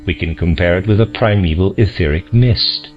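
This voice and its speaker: A man reading a lecture aloud in a slow, deliberate, solemn manner, on a dull lo-fi recording. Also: low voice, faint music behind. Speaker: audiobook reader.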